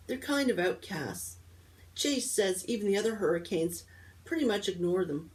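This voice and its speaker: Librarian reading a novel aloud. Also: female voice, mid-range voice, moderate pace, distant mic, poor audio. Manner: lively first-person narration of a boy. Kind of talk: storybook read-aloud.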